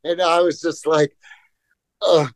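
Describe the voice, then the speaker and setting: A middle-aged man telling skate stories in a loose, profane, animated way, his voice sitting a little high. He slips into voices when quoting people. The sound is close and dry. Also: takes it slowly, dry recording. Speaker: guest, pro skateboarder. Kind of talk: casual storytelling chat.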